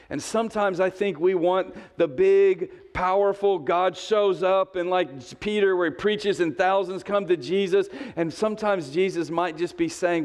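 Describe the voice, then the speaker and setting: A man's voice: high voice, moderate pace. A man in his fifties preaching a sermon, telling a story in a snarky, conversational way and acting out the voices of the people in it. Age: 50s. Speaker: pastor.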